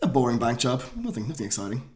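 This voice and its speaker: Self-deprecating male guest, lively voice. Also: medium pitch, fast, slight background noise. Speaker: podcast guest. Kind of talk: casual chat.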